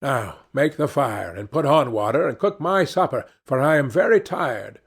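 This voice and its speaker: A blunt, plain-spoken travelling fiddler from a storybook, voiced by a man. His voice is gravelly and husky. He speaks slowly, with plenty of rise and fall. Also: medium pitch, animated.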